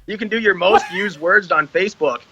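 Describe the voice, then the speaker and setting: A man's voice: sits high, fairly quick, bright, forceful tone, slightly rough, rough recording. A young man, an army veteran guest on a podcast, chatting casually with lots of laughter, loose rambling and heavy swearing.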